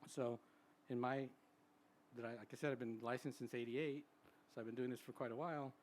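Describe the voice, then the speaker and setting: A psychologist in his sixties speaks at a live event in a conversational way, mid-pitched and relaxed. He keeps checking in with the room by asking "right?". Faint venue ambience sits behind his voice. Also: a little fast, slight background noise. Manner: chatty, tags sentences with "right?". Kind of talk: conversational public talk.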